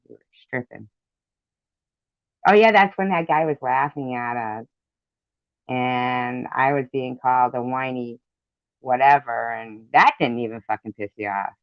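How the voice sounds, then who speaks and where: A man's voice: mid-range voice, clear, resonant tone, dry recording. A man delivering an angry, profane commentary rant, indignant and repetitive, on a dull lo-fi recording. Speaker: commentary vlogger. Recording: dull lo-fi sound.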